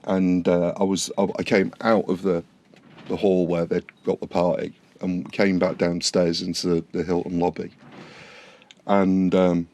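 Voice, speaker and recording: A man co-hosting a podcast in casual chat, halting and repeating words as he recounts events. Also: low voice, little pitch movement, darkish tone. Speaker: podcast co-host.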